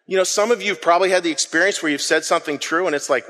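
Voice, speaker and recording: In a church sanctuary full of long reverb, this pastor's slightly high voice races along, bright and forceful. He leads a call-and-response sermon, having the congregation repeat his words while he stays playful and pokes fun at himself.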